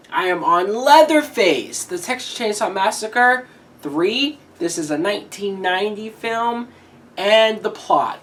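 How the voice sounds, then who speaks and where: A young adult man giving a casual movie review on his video channel, animated and swearing freely, with frequent fillers and restarts. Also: on the high side, distant mic.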